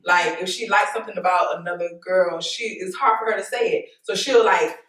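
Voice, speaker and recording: A woman hosting a casual group discussion, telling animated stories about her children and quoting their words. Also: fairly low pitch, a little fast. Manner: animated storytelling, quoting family conversations. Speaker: host. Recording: echoey room, mic at a distance.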